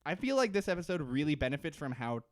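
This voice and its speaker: A man's voice: fairly high pitch, big pitch swings, no echo, studio quality. A man co-hosting a podcast, recapping a TV episode in casual, rambling chat with frequent laughs. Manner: rambling, laughing, quick to joke. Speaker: podcast co-host.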